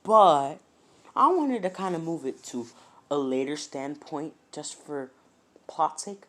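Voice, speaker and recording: A man narrating a fan story he makes up as he goes. He rambles, fills pauses with um and uh, and corrects himself mid-sentence in a loose, casual way. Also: on the high side, lively intonation, pushed and bright. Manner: rambling, many fillers and self-corrections.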